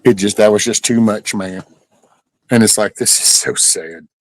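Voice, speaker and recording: On a casual live stream, a man rambles through stories, talks to his chat, and reads viewer comments. His voice is on the low side and his pace moderate, and the recording is rough but has no echo.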